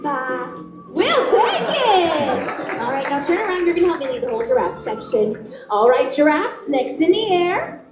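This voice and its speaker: A woman performing an eager, bubbly, impatient showgirl in a high, lively voice. She is amplified on an outdoor stage with echo and music behind. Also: moderate pace, over a noisy crowd. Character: eager impatient young female troupe member. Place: outdoor theme park stage through loudspeakers. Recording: echoey amplified live stage sound.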